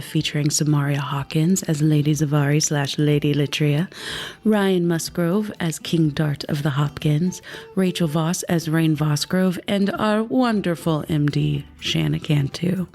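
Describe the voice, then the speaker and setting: A woman closing a tabletop podcast, rambling through thanks with many fillers. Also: sits low. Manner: rambling, warm-hearted, with fillers. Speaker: podcast host. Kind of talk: podcast outro.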